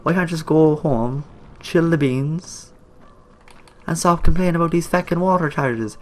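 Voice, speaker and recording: A man's voice: a little high, moderate pace. A young man with an Irish accent, rambling jokily over a video game he plays, talking back at the characters on screen and swearing a lot. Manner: coarse slang and swearing. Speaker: gaming YouTuber. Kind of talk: let's play commentary.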